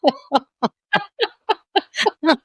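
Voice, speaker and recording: A woman's voice: very high voice, drawn-out words, no room sound, low-quality recording. A middle-aged woman co-hosting a podcast, telling stories in casual chat, laughing often and acting out quotes. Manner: animated storyteller, laughs often, acts out quotes. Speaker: podcast co-host.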